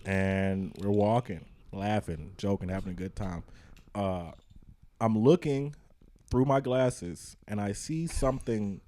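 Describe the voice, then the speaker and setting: A podcast host telling a story in casual chat, swearing freely and acting out the people in it. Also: male voice, on the low side, slow. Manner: animated storyteller, swears freely, acts out voices.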